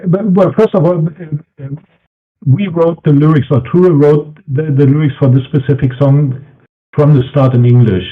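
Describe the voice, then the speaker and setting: A man's voice: fairly high pitch, fairly even intonation, moderate pace. A man answering interview questions, hesitant and searching for words. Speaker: band member, interview guest. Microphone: voice call. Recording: tinny phone-like call audio.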